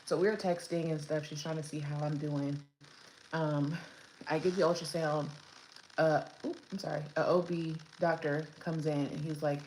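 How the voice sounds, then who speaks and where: A young woman tells her labor story in a casual vlog, her voice sitting low and relaxed. She rambles, restarts and fills gaps with "like" and "um". The room is echoey with a faint hum of noise behind her. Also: moderate pace. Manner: chatty, rambling with many fillers and restarts. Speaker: new mother telling her birth story. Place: room at home with her baby.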